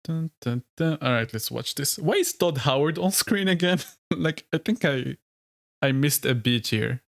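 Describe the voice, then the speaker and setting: A man's voice: fairly high pitch, expressive, normal speed, creaky, no echo, studio quality. Casual rambling male streamer. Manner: rambling, heavy use of "like", frequent laughs. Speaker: streamer and lore video creator. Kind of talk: casual live-stream chat.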